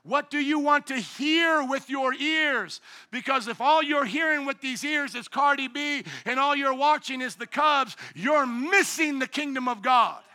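A male pastor delivering a sermon in a high, piercing, bright tone. He preaches with animation, slipping into acted-out voices and bursting into shouts for emphasis. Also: a little slow, hardly any pauses.

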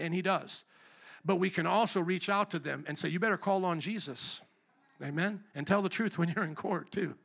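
Pastor guy preaching, high bright voice, chatty then shouting. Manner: conversational preaching, rising to shouts; self-deprecating asides and restarts. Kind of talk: sermon.

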